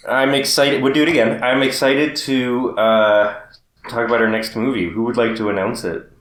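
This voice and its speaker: Podcast co-host, male, casual joking delivery, mid-pitched voice, roomy echo on the mic. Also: fairly even intonation, normal speed, a bit bright. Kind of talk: casual chat.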